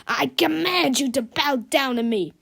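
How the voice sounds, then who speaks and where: A woman's voice: a little high, lively intonation. Woman putting on a pompous bully boy. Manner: pompous, slow commanding proclamations. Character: boastful bully boy turned fake superhero.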